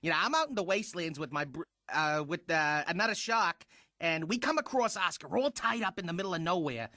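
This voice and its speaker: A wry, grumpy shark. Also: male voice, a little high, expressive, brisk, pushed and bright, no echo. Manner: dry, grumbling storyteller.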